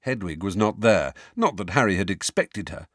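A man narrating an audiobook with an expressive, varied storytelling delivery. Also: on the low side, normal speed, dry recording, studio quality. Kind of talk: scripted narration.

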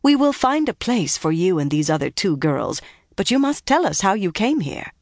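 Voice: medium pitch, sing-song, moderate pace, dry recording, studio quality, pitched above the performer's own voice. An audiobook narrator voicing a kindly, motherly woman whose patience is wearing thin. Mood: firm, kindly.

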